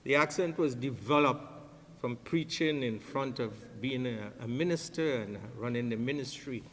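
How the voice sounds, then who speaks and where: A man's voice: medium pitch, normal speed. An older man with a Trinidadian accent, speaking at a memorial service, telling jovial stories and laughing along with the room. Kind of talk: anecdotal eulogy with jokes. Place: funeral home service hall. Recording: long reverb in a hall.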